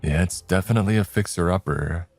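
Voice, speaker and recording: Casting: man voicing a wisecracking young sidekick, very low voice. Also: fast talker, darkish tone, faint music behind. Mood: mumbling. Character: sarcastic young male friend, joking.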